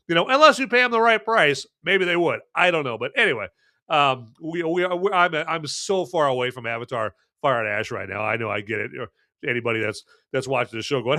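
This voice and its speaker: A man's voice: animated, a little fast, bright, forceful tone. A man hosting a podcast in casual chat, rambling and joking with many restarts and fillers. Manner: jokey, chummy sales pitch. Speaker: podcast host.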